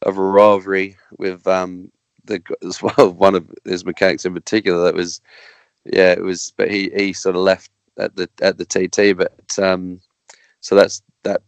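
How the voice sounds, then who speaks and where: Deep, flat-voiced Australian man. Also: smooth, dry recording. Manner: rambling, halting, with many restarts and laughs. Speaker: guest motorbike racer. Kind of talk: casual podcast chat.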